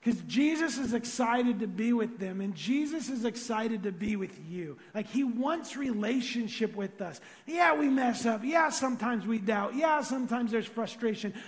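A man delivers a sermon in a loose, conversational manner, animated one moment and soft and intimate the next. His voice sits high for a man, and it carries a long reverb from a large hall. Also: moderate pace, few pauses. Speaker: pastor.

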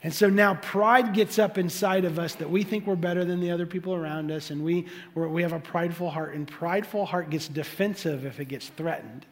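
A man preaching a sermon as pastor, animated, acting out the voices he quotes. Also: a little high, fairly quick, few pauses, in a large hall.

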